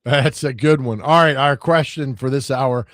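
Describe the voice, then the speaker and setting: A man's voice: mid-range voice, normal speed, a bit bright, no echo, clean studio sound. A man from Nashville, hosting sports radio in a joking, teasing way. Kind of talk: casual sports radio banter. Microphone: studio microphone.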